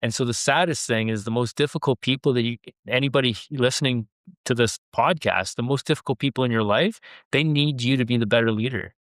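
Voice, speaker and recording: Man, smooth clear voice, dry close mic, lively storytelling, podcast guest. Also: mid-range voice, brisk, no room sound. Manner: animated anecdote-telling with quoted dialogue. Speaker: guest, airline pilot and leadership coach. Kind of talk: conversational storytelling.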